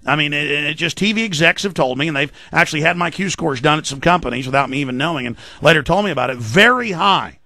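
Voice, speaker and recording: A male radio talk show host, delivering an emphatic, defensive, rapid-fire monologue. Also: fairly high pitch, sharp tone, no echo, studio quality. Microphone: studio mic.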